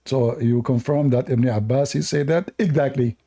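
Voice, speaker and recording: A man hosting a live-stream debate, talking in a mocking, animated way with loose, non-native English phrasing. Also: mid-range voice, brisk, few pauses, breathy edge.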